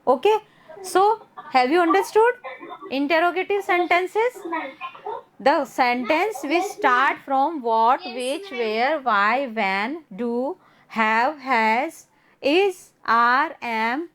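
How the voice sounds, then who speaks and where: High-voiced Indian woman teaching grammar. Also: expressive, slow, noisy background. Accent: Indian English. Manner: mixes Hindi and English, repeats words for drilling. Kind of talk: online class lesson.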